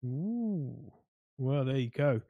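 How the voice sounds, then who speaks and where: A man's voice: fairly high pitch, normal speed, no echo, phone-quality sound. A man co-hosting a casual hobby chat show, rambling and restarting his sentences as he weighs his options. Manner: rambling, hesitant, many restarts. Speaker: co-host.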